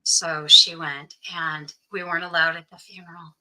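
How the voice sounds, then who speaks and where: A woman's voice: deep voice, flat delivery, normal speed, sharp tone, poor audio. A woman guest recounting a personal story in an interview, earnestly quoting what others said to her. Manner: earnest, quotes others' speech as she tells it.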